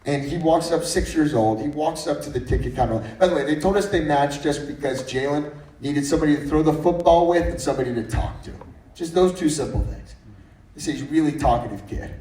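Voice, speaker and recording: A man's voice: a little high, brisk, dark tone. A man in his thirties gives a faith-based talk at a breakfast meeting. He tells funny stories and often restarts his sentences. His voice comes from some distance and sounds roomy. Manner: anecdotal and humorous, with frequent restarts. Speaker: guest speaker. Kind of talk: faith-based storytelling speech.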